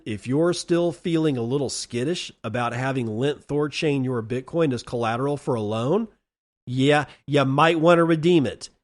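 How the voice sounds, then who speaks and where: A middle-aged man hosting a solo commentary podcast, sarcastic and ranting, stretching out words for emphasis. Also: a little high. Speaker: podcast host.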